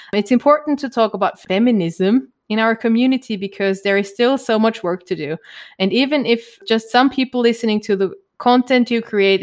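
A woman with a German accent co-hosting a podcast, chatting casually with lots of laughs and ums. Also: medium pitch. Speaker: podcast co-host. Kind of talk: casual chat.

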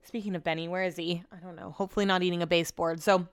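Brief: woman vlogger, chatty storytime, smooth clear voice, dry close sound, rambling with asides. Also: on the low side, steady tone, rapid-fire, no room sound. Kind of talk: casual storytime monologue. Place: at home at her computer.

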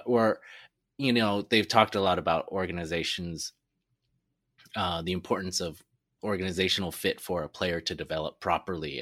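A man's voice: low voice, pushed and bright, no room sound, studio quality. A man co-hosting a casual sports podcast, chatty and wry, often restarting his sentences. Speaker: podcast co-host.

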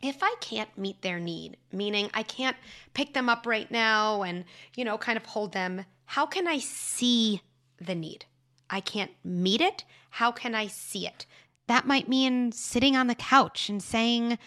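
A young woman with a bright, clear tone talks through parenting advice at an even, unhurried pace. Her delivery is calm and reflective, like a host answering a listener's question. She explains each point patiently. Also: on the high side. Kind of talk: advice podcast monologue.

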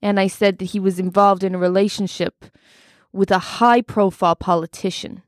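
A woman's voice: mid-range voice, level tone, normal speed, no room sound, lightly acted. Woman playing a rambling, cocky American male life coach; dry studio sound. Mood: boastful. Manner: rambling, cocky, full of fillers. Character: brash, boastful American male self-help mentor. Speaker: studio guest. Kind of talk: improvised comedy role-play.

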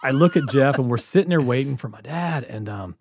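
A man telling a rowdy story with lots of swearing and bursts of laughter. His pitch swings widely as he acts out the people in it. His voice sits in a middle register, and the recording is close and dry. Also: fairly quick, creaky, dry recording. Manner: profane, animated storytelling with frequent laughter. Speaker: storyteller guest. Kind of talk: casual chat.

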